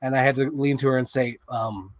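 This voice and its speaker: A man hosting a toy unboxing show in casual chat, rambling excitedly and swearing freely. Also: medium pitch, fairly quick.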